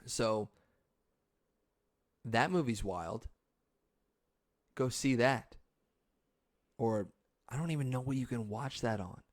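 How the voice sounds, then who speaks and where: A man hosts his own podcast in an easygoing, unhurried way, at a middling pitch. He gets excitable and laughs often, and his voice leaps high whenever he acts out a quote. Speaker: podcast host. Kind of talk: casual solo podcast talk.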